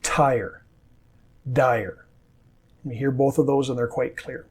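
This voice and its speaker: A man with a North American accent teaching English pronunciation, saying model words slowly and carefully. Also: medium pitch, flat delivery, warm tone, husky. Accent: standard North American. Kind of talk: scripted pronunciation lesson.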